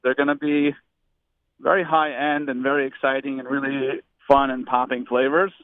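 A man with a Baltimore accent calling in as a guest, talking in a relaxed way with lots of fillers. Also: mid-range voice, moderate pace, dry recording. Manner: relaxed, uses many fillers like "like". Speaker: guest on the phone. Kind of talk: casual radio phone interview. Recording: tinny phone line.

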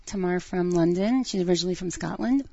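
A woman's voice: fairly low pitch, fast talker, creaky, dark tone, dry recording, lo-fi sound. A woman guest on a radio show, friendly and explanatory as she describes her business. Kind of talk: radio interview.

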